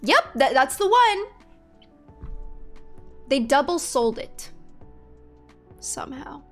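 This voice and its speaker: A woman's voice: high-pitched, big pitch swings, slow pace, soft background music. A young woman streamer chatting casually to her viewers, venting with exasperation, swearing freely and laughing in disbelief.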